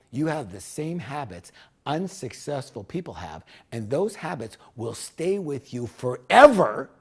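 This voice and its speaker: A middle-aged man giving a motivational speech, emphatic and swinging between loud punches and hushed lines. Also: mid-range voice, slightly rough. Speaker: motivational speaker.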